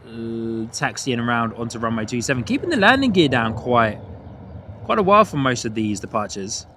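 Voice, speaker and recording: Very animated and speaking at normal speed, this man has a mid-range, bright, forceful voice, with slight background noise. The British host, whose accent has an Australian and New Zealand twang, streams plane-spotting live from outdoors at an airport, laughing and chatting a lot as he reads viewer messages.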